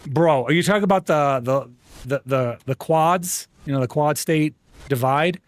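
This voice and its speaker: A man's voice: fairly high pitch, moderate pace, no echo. A man chatting casually on a live gaming stream, upbeat and talkative, stumbling over and repeating words and calling people bro and dude. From United States.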